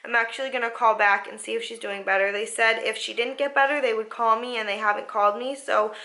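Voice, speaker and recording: A woman's voice: a little high, steady tone, fast, pushed and bright, rough recording. A woman telling a family story in a casual vlog, rambling on with many fillers and acting out what everyone said. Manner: rambling retelling with many fillers and quoted dialogue. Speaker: mother vlogger.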